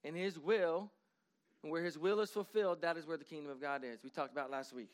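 A pastor with a high-set voice delivers a church sermon. He slows right down to read scripture in a raised, emphatic voice, then shifts into quick, low-key asides to the congregation. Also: steady tone.

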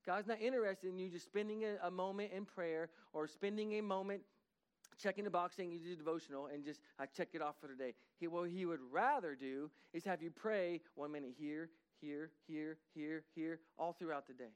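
Preaching in a church sanctuary, a pastor speaks earnestly and conversationally in a notably high voice with a clean tone and moderate pace. As he spurs the congregation on, his intensity builds.

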